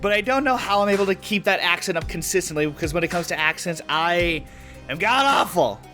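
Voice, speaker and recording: A man hosting a let's play, reading a visual novel's text aloud and dropping casual, self-mocking asides with plenty of swearing. His voice sits fairly high and swings widely in pitch, with faint game music playing underneath. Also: expressive, brisk, sharp tone.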